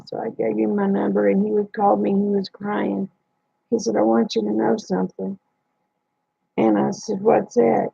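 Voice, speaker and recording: This livestream host's voice is medium-pitched, creaky, mellow, and husky, in a dull, dry, lo-fi recording. In a plain-spoken way, she recounts a personal story and repeats what was said.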